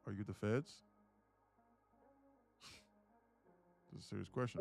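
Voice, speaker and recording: Gravelly-voiced man hosting a trading stream. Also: fairly low pitch, fairly even intonation, unhurried, long pauses, a little mellow, soft background music. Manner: chatty, laughs often, repeats words while thinking. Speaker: day-trading livestream host. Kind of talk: casual live-stream chat.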